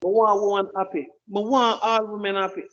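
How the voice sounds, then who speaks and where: A man's voice: high voice, level tone, a little fast, a bit bright, highs cut off. A man with a Jamaican accent delivering an emphatic, preachy opinion monologue, often repeating his words. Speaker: commentator.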